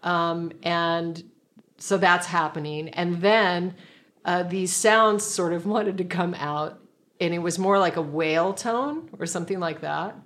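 In a relaxed conversation, a female guest tells a personal story, reflective and meandering, often restarting her sentences. Her voice is lowish and her pace a little slow.

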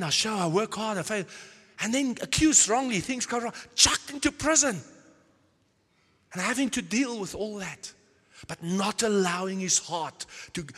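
A man from the Netherlands preaches with passion, his voice high and a little husky. He presses his points with repeated words and sudden emphasis. The sound rings out with a long reverb through a church hall. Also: a bit bright. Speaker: pastor. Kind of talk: sermon.

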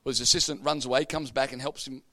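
A man preaching a sermon, an animated storyteller with comic punchlines. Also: mid-range voice, quick pace, no echo.

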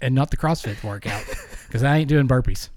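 A man's voice: mid-range voice, a little fast, a little mellow. A man co-hosting a casual sports podcast, joking and rambling, laughing often. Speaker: podcast co-host.

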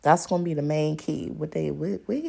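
Female podcast host, blunt and profane, animated storyteller; husky, lower voice. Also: normal speed. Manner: blunt and profane, laughing often. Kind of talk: casual monologue.

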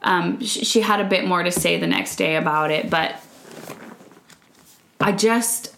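A woman in her thirties chatting casually about faith, telling a story with lively acted-out quotes. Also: on the low side, unhurried, vocal fry, roomy sound, slight background noise. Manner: animated storytelling, acts out quotes. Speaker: podcast co-host.

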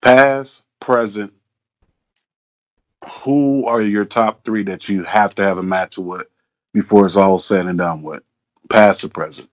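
A man's voice: lowish voice, measured pace, pauses often. A man hosting a casual interview, rambling and repeating himself with lots of fillers. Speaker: interviewer, host. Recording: dull lo-fi audio.

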